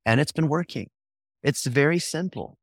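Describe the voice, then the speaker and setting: A man speaking as a podcast guest, telling marketing stories in an animated, emphatic way. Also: a little high, moderate pace, no room sound. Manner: animated, emphatic, jumps into acted quotes. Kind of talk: casual interview storytelling.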